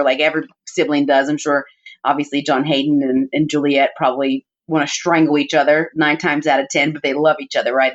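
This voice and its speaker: A woman with a fairly low voice shares family stories as a podcast guest, heartfelt and chatty, her sentences full of "like" and "you know". The audio is dull and muffled. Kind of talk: personal storytelling in conversation.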